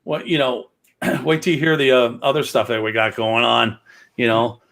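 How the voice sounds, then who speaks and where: A man's voice: mid-range voice, little pitch movement, moderate pace, vocal fry, fairly bright tone. A man hosting a casual livestream, rambling with many fillers and jokes. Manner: rambling, filler-heavy, joking. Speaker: host of a livestreamed gaming show.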